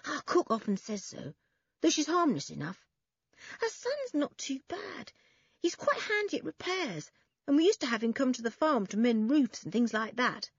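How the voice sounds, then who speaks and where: A woman's voice: high-pitched, very animated, normal speed, slightly rough, no room sound, dull audio, voice pushed up, exaggerated voice. A woman voicing a bold, chatty farm boy in a storybook reading.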